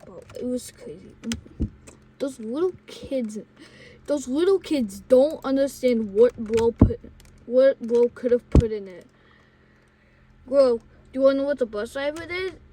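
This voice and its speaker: A woman vlogger telling casual stories, rambling with many restarts and self-corrections, and acting out the yelling in loud put-on quotes. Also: high voice, expressive, a little slow, noisy background. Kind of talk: casual storytelling.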